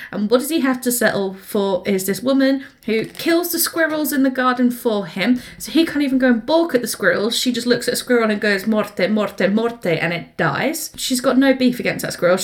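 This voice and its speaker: Una mujer con acento británico co-presentando un pódcast sobre libros, relatando escenas con entusiasmo e imitando a los personajes. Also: female voice, fairly high pitch. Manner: animated retelling, acting out characters. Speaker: podcast co-host. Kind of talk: casual book-club chat.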